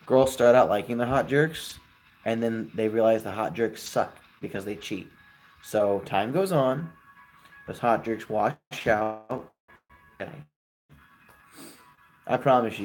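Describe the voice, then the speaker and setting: Chatty young man on a live stream. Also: lowish voice. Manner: chatty, relaxed, giving friendly advice. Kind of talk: casual live stream chat answering viewers.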